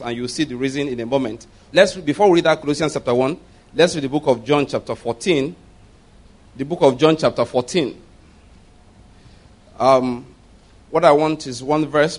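A man preaching a sermon to a congregation in a conversational style, building to emphatic questions. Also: medium pitch. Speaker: pastor.

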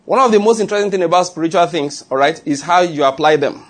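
Male preacher, high-pitched, repetitive teaching delivery in a sermon. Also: fast talker. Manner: teaching, reads scripture aloud with emphatic repetition.

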